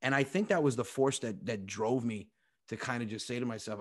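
A man, a comedian, telling a personal story with animated, profane energy. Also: mid-range voice. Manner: animated, profane, quick-talking. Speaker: comedian guest. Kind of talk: comic storytelling.

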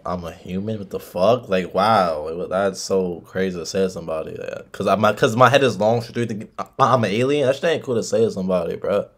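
A man's voice: sits low, a little fast, hardly any pauses. A man in his twenties casually chatting and teasing strangers on a video chat. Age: 20s. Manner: teasing, joking, mock offended.

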